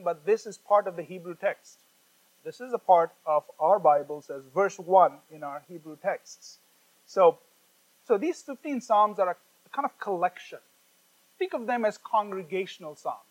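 A man with a fairly high voice delivers a sermon in an explanatory teaching tone. He slows down and leans on the words when reading scripture aloud, with an occasional filler between points. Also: low-quality recording. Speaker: preacher.

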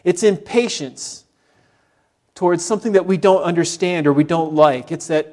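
A middle-aged man preaching a sermon in an animated way, acting out the complaining voices he quotes. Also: on the high side, moderate pace. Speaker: pastor.

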